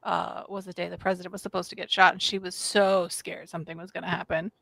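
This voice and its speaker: A woman's voice: lowish voice, flat delivery, fast, gravelly, a bit bright. A middle-aged woman co-hosting a live stream, talking casually in a bubbly, chatty way. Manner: bubbly, chatty, laughs often. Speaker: co-host.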